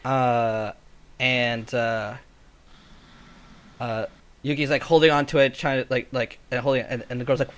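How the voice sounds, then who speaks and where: A man narrating as game master of a tabletop game, halting with many fillers and quick character voices. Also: mid-range voice, steady tone, a bit bright.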